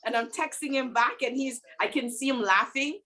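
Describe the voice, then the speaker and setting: A woman guest in a casual interview, retelling a story in an animated, dramatic way and laughing often. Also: sits high, normal speed.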